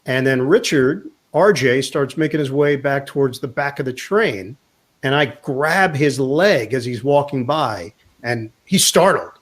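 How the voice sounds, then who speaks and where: In a casual interview, a sportscaster guest tells a long anecdote, acting out the quotes as a lively storyteller. His voice sits in the mid range, and he speaks at a measured pace.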